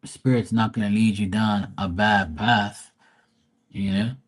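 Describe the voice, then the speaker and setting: Blunt, profane man with a low voice. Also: fairly even intonation, a little slow. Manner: blunt, profane, rambling with restarts. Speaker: tarot reader and medium, live stream host. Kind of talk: casual live stream talk.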